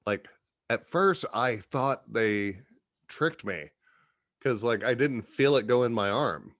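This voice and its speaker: A man's voice: medium pitch, slow, a bit bright, no echo. A man appearing as a podcast guest, rambling through crude jokes and often laughing as he talks. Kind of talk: casual comedy podcast chat.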